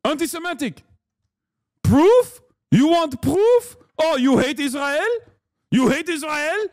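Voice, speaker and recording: Man doing a high, shouty broken-English heckler; pushy and accusatory, dry close mic. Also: lively intonation, slow pace, no room sound, heavily acted. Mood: indignant shouting.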